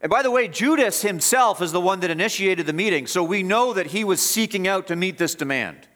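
A man's voice: sits high, animated, fairly quick, a bit bright. A man preaching an expository sermon as pastor, emphatic and repeating phrases for stress.

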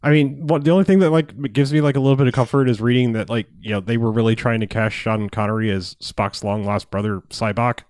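A man chatting casually on a podcast, rambling through his thoughts with frequent laughs and swearing. His voice sits at an ordinary middle pitch, recorded dry and close with no room sound. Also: steady tone, quick pace, hardly any pauses, a little mellow, no echo. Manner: rambling, laughing, swearing, acting out movie lines. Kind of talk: casual chat.

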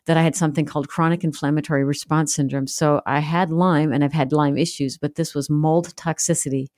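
A woman's voice: deep voice, darkish tone, no room sound, clean studio sound. A middle-aged woman giving a heartfelt personal testimony as a guest author in an interview. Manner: earnest, heartfelt storytelling.

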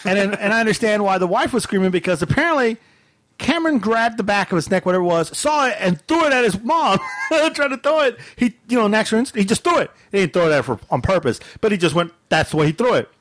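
High-pitched animated man telling a story. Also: fast, no room sound. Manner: animated, laughs often, mimics screams in a high voice. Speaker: podcast co-host. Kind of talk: casual storytelling.

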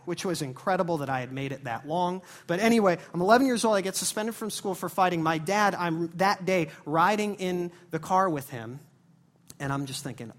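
A man preaching a sermon at a church service, telling stories in a casual, conversational way and moving between quiet asides and sudden loud bursts. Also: sits high. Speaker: pastor. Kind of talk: sermon with personal storytelling.

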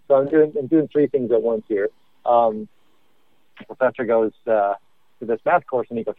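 A man's voice: mid-range voice, normal speed, pauses often, no room sound. A man co-hosting a podcast by phone while driving, telling a joke in a hesitant, rambling way full of fillers. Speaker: podcast co-host. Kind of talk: casual chat by phone. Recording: tinny phone line.

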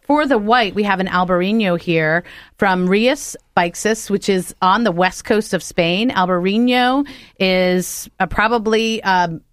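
A woman's voice: medium pitch, a little slow, clean tone, no room sound. Chatty woman hosting a studio show. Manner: enthusiastic, chatty, laughs often. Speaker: radio show host, wine expert. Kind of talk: casual interview chat.

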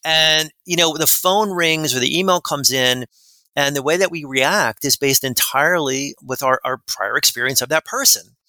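A man, a guest expert on a podcast, telling rambling, animated anecdotes in an interview. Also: a little high, normal speed, no room sound. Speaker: guest expert on workplace respect. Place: lives in New Jersey.

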